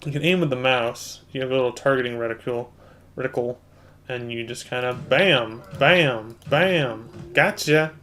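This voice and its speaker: A man's voice: mid-range voice, normal speed, pushed and bright. A man hosting a gaming channel, chatting casually as he plays a computer game and explains the controls to his viewers. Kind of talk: casual let's-play commentary.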